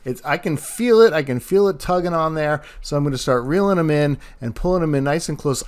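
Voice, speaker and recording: A man narrating his fishing vlog outdoors on a beach, chatty and laughing often as he talks to viewers. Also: a little high. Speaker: fishing vlogger.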